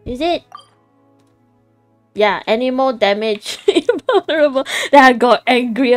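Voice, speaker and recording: A woman's voice: fairly high pitch, moderate pace, no room sound, soft background music. A young woman streaming a game, chatting casually in a playful, giggly way with squeals and silly sound effects.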